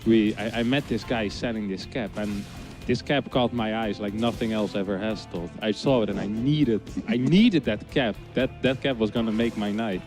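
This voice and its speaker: A man, a pro gamer, telling a playful, animated story in casual chat. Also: on the low side, normal speed, few pauses, faint music behind.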